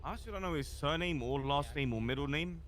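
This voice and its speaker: A man's voice: on the high side, quick pace, a bit bright. A man in a video game role-play, giving a witness statement in a rambling, casual way with frequent swearing.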